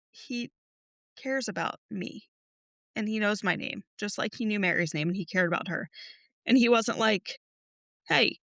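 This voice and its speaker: Young woman cohost, bright clear voice, dry close sound, kinda rambly and heartfelt. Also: medium pitch, dry recording. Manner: heartfelt, rambling with many likes. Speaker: podcast co-host. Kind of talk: casual faith chat.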